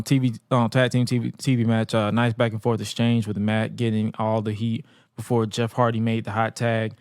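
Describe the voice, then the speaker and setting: A man's voice: medium pitch, clear, resonant tone, no room sound. Male co-host, laid-back slangy storyteller who laughs a lot; dry, close mic. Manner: animated, acts out quotes in exaggerated voices; laughs often, casual slang. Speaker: podcast co-host. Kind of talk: casual wrestling recap.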